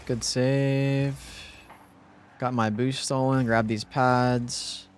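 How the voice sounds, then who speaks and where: Talking extremely slowly in a mid-range voice, this young streamer gives live gameplay commentary to his chat and teammate, muttering calmly before erupting in frustration. There's a little hiss or hum on the audio.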